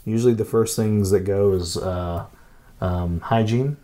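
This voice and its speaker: Male podcast co-host, very low voice, easygoing chat, lots of "right?" tags. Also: measured pace. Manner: relaxed, says "right?" often, frequent fillers.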